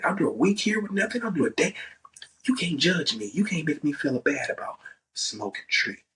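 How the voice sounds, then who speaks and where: A man's voice: fairly high pitch, a bit bright, recorded from a distance, poor audio. Man talking casually on a podcast. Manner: profane, emphatic, repeats "right?". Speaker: podcast host. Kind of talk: casual monologue.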